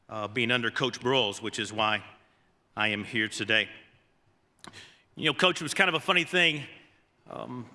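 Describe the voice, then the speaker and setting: A man's voice: mid-range voice, sharp tone. Folksy man speaking in a reverberant hall. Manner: folksy, self-deprecating, with frequent fillers and restarts. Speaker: award speaker, former assistant coach. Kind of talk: ceremony speech with storytelling. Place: banquet hall. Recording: long reverb of a large hall.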